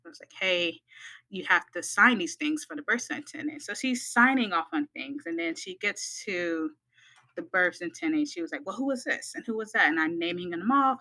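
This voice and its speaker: A woman's voice: lowish voice, rough recording. A midwifery student, a woman from the United States, telling a personal story in a podcast and acting out the voices of the people in it. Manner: animated, acts out quoted voices.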